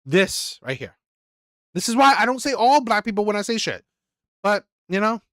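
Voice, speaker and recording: A man's voice: high-pitched, sing-song, normal speed, a bit bright, dry recording, clean studio sound. A man hosting a reaction channel, talking casually in a rambling way, repeating words and asking "right?" often.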